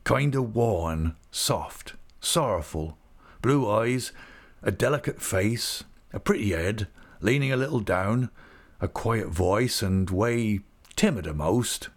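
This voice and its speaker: A weathered old fisherman, as a male reader puts him on. His voice sits low and gravelly with a husky edge, rising and falling a lot as he talks slowly and earnestly. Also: animated, exaggerated voice. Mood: wistful. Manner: slow, earnest, homely storytelling. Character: weathered older male fisherman, gentle and sorrowful. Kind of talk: audiobook character reading.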